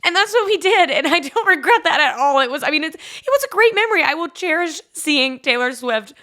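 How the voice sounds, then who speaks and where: A woman's voice: high-pitched, expressive, a little fast, bright, forceful tone. A young woman host, telling personal stories on a solo podcast in a chatty, confessional way full of "like" and laughing asides. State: congested. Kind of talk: casual solo podcast storytelling.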